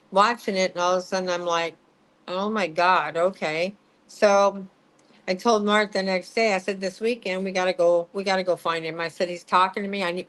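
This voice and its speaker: A woman's voice: lowish voice, a bit bright, rough recording. A middle-aged woman, a psychic medium, telling a story in an interview, laughing, swearing and acting out what people said.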